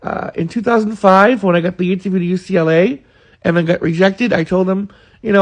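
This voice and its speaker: A man's voice: high-pitched, brisk. A man, earnestly recalling college days in a rambling monologue full of fillers. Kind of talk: casual reminiscing monologue.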